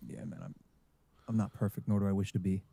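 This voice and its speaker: A man speaking hesitantly on a stream, pausing often with fillers as he reads out his thoughts. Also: low voice, flat delivery, gravelly, mellow. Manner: halting, hesitant, many fillers. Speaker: stream guest.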